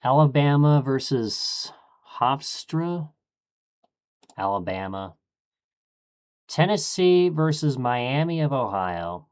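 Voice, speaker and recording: A man streaming, thinking aloud in a casual, low-key way as he murmurs his choices one after another. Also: sing-song, slow, pauses often, clean tone.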